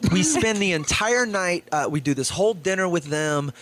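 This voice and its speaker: Male comedian co-host, slightly high pitch, animated storyteller in casual banter. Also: normal speed.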